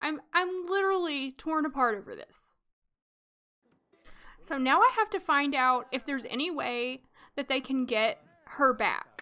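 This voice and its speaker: Bright-voiced woman giving emotional game commentary. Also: high voice, measured pace. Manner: emotional, dramatic reactions, talks to viewers. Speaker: let's play host. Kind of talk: casual gameplay commentary.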